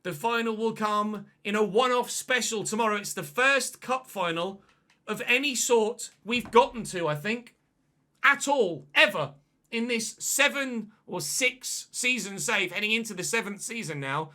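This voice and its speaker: A man commentating his own football video game match, excitable and shouting at goals, his voice going hoarse. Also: high voice, a little slow. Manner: shouts and celebrates goals, then chats calmly. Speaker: gaming commentator. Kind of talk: excited live gameplay commentary.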